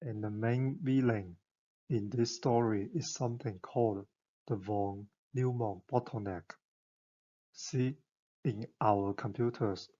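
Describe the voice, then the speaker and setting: A man's voice: medium pitch, dark tone, muffled recording. A man giving an enthusiastic, conversational scripted explainer narration, full of rhetorical questions.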